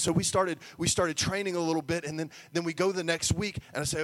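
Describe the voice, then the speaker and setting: A man preaching a sermon to a congregation, telling a story with animation and building to near-shouting at its peaks. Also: high-pitched, fast talker, hardly any pauses. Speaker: pastor. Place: church service before a congregation.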